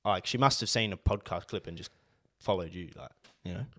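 A man with an Australian accent, co-hosting a podcast, bantering and swearing in casual chat. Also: low voice. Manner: fast, sweary, animated banter. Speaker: podcast co-host.

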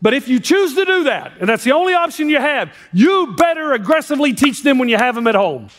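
A man preaching a sermon as a pastor, impassioned, swinging between hushed and emphatic delivery. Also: very high-pitched, big pitch swings, fairly quick. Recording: long reverb of a large hall.

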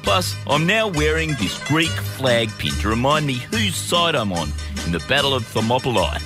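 A man's voice: mid-range voice, very animated, moderate pace, lightly acted. A man doing an impression of a pompous middle-aged politician in a comedy sketch. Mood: blustering. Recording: music bed behind voice.

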